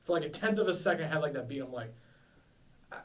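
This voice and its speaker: A man's voice: on the high side, animated, quick pace, far from the mic, slight background noise, poor audio. A man in his twenties co-hosting a podcast, chatting casually in a rambling, self-deprecating way. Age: 20s. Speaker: podcast co-host. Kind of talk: casual chat.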